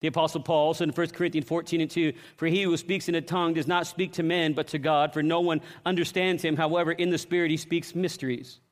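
A middle-aged man preaching a sermon, telling stories dramatically, acting out voices and shouting at the peaks. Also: a little high, little pitch movement, fast, few pauses. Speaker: pastor.

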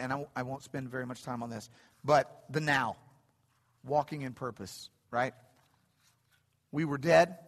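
A middle-aged preacher delivers an animated sermon, repeating phrases as he builds to excited high points. His voice is a little high for a man and rings through the church sanctuary with long reverb.

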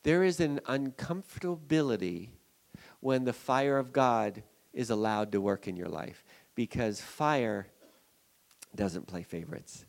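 A man, a pastor, preaching a sermon in an animated way, swinging from loud emphasis to quiet, low asides. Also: a little slow, gravelly.

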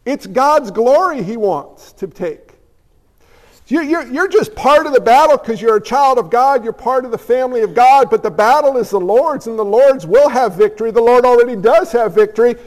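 A pastor with a high voice gives a casual sermon at normal speed, talking conversationally, dropping in jokes and acting out small exchanges. The long echo of the church hall rings around his words.

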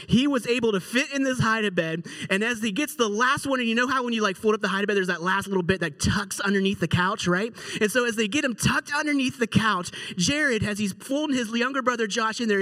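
Man, pastor, middle-aged, high voice, animated storytelling sermon. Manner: animated, conversational, acts out quotes.

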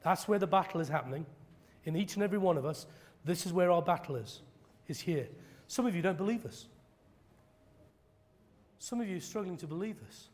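A man preaching a sermon, telling stories dramatically and acting out quoted preachers in loud high bursts. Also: animated, brisk. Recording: long hall reverb.

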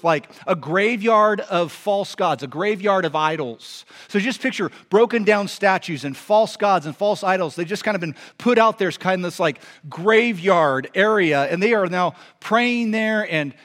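A man's voice: high voice, a bit bright. A man, a pastor, preaching a sermon in a conversational, emphatic way with rhetorical questions.

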